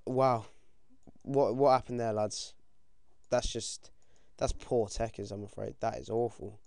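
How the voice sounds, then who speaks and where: A British teenage boy giving casual, excitable commentary over his own game, swearing often and yelping when things go wrong. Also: on the low side, moderate pace, gravelly, no echo, clean studio sound. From United Kingdom. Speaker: gaming commentator.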